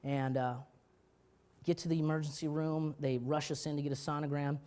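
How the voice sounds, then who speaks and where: A male pastor preaching a sermon, telling stories with urgency that drops to hushed tones, often restarting his words. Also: on the high side, normal speed, clean tone. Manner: animated storytelling, swinging from loud urgency to quiet.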